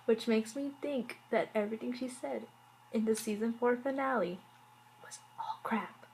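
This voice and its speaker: A woman's voice: fairly high pitch, moderate pace, creaky, darkish tone, a little hiss or hum, rough recording. A woman reviewing a TV episode in a casual vlog, rambling with many "like"s and fillers and wry, exasperated asides. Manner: rambling, heavy use of "like" and fillers. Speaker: TV show reviewer.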